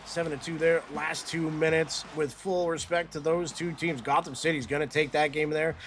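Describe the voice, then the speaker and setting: A man doing lively play-by-play on a live stream, joking and reading out viewer messages. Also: on the high side, moderate pace, slight background noise. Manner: upbeat, jokey, reads chat aloud. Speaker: play-by-play caster. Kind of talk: live stream game commentary. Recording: stream mic with game music behind.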